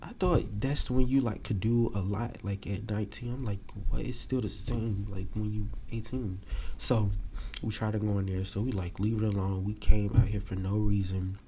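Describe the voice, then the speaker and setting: A man telling a story to his podcast listeners in a casual, animated way. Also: lowish voice, moderate pace, slight background noise. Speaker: podcast host.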